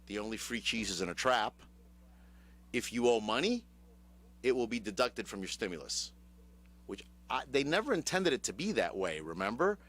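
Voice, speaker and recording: A man's voice: mid-range voice, fairly bright tone. A man with a Chicago accent hosting a radio talk show, casual and sardonic, throwing rhetorical questions at his co-host. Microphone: studio microphone.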